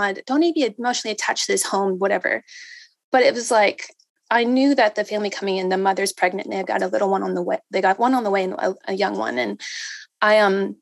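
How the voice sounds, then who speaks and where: A woman in her thirties giving a personal faith testimony to a group, emotional and halting, with many fillers and restarts. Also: mid-range voice, fairly even intonation, gravelly, dry recording. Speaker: speaker sharing a testimony.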